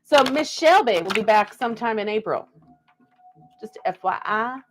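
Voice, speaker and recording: A woman's voice: on the high side, animated, normal speed, background noise. A young woman from the Pacific Northwest doing a live-stream card reading, talking in a put-on Southern belle drawl and calling viewers darling.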